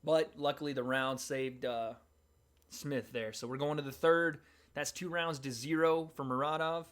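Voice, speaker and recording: A man hosting a livestream, giving casual, excited play-by-play and reactions to a fight. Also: on the high side, moderate pace. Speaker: livestream host. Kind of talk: live fight commentary and reaction.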